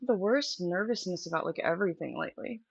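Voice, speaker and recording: A woman's voice: on the low side, animated, moderate pace, creaky, breathy edge, no echo. A young woman chatting candidly and directly to viewers on a casual live stream from a room at home. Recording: dull lo-fi stream audio.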